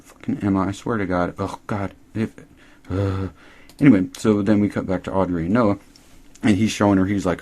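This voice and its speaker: A man's voice: low-pitched, fairly even intonation, brisk, darkish tone. A man giving a rambling, sarcastic, profane recap of a TV episode. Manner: sarcastic, rambling, swears a lot.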